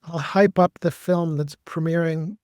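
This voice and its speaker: A man, an actor and director, telling stories in a measured, reflective way as a podcast guest. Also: a little high, fairly even intonation, darkish tone, clean tone, no echo. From United States. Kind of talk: podcast interview.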